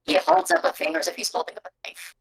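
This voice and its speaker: A woman's voice: high voice, big pitch swings, very fast, vocal fry, fairly bright tone. A woman narrating a tabletop game as game master over a video call, descriptive and prone to self-corrections.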